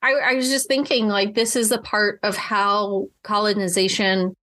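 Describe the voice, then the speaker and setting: A woman as a reflective clinician-host, mid-pitch, dry close sound, thinks aloud with restarts. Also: level tone, normal speed, fairly bright tone, no room sound. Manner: reflective, with frequent restarts and fillers. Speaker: podcast co-host and mental health clinician. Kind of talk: casual podcast chat.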